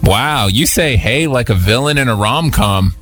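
A sarcastic man hosting a spoof radio call-in show. His pitch sits in the middle and swings up and down a lot as he cracks jokes. He slips into mock-pompous, long-winded rambles. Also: animated, moderate pace, noisy background. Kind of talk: comedic talk radio parody.

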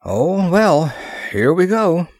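A man's voice: fairly low pitch, animated, measured pace, no echo, studio quality. A man voicing a firm, emphatic expedition leader.

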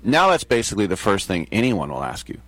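A man's voice: sits low, huge pitch swings, fast, a bit bright, no echo. A man hosting a talk show in a casual, digressive monologue, chuckling at his own asides.

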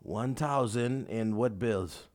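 A man's voice: mid-range voice, slow pace, a little mellow. A man hosting a radio call-in contest, playful and teasing, repeating callers' answers and hyping the show. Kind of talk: lively radio call-in banter.

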